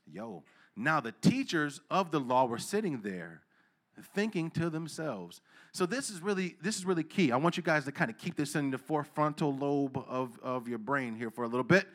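A man preaching a sermon in a casual, slangy way, asking the listeners questions and swinging between low asides and loud, emphatic preaching. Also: lively intonation, normal speed. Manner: casual street slang, asks the crowd questions.

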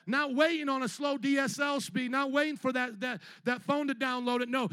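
A pastor delivers an animated sermon, his voice sitting unusually high for a man. He mimics members of his congregation and builds to ringing shouts. The sound is close and dry, with almost no room echo. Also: fairly quick, hardly any pauses, clear, resonant tone. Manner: animated preaching, acting out church members in put-on voices, shouting at peaks. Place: church.

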